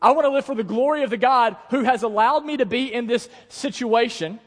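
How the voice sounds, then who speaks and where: A man's voice: extremely high pitch, a little fast, voice pushed up. A man voicing an earnest, faithful young man who is a slave and then a prisoner, speaking in emphatic, raised declarations in a reverberant church. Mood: resolute.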